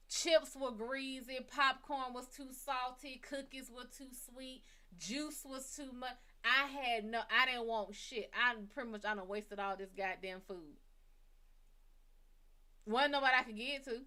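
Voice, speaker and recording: Bright-voiced woman cursing through a story. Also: sits high, unhurried. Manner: blunt, heavy cursing, lively retelling. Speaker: psychic reader and show host. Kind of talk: casual storytelling monologue.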